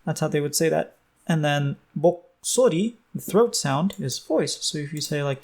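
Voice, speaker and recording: A young man talks through a language lesson as though studying out loud, stopping to correct himself and filling gaps with ums. His voice sits a little on the high side and stays relaxed and conversational. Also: brisk, gravelly. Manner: thinks aloud, many fillers and self-corrections. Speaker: Korean language tutor. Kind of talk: casual self-study lesson.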